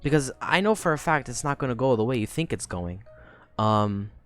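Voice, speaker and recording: Young woman streamer, lively swooping pitch, chatty and rambling, casual swearing, desk mic. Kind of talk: casual live-stream chat.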